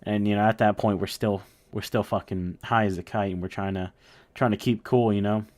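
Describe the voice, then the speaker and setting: A man's voice: on the low side, steady tone, brisk, darkish tone. A young man casually telling a story, rambling and swearing with lots of fillers. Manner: rambling, profane, full of fillers.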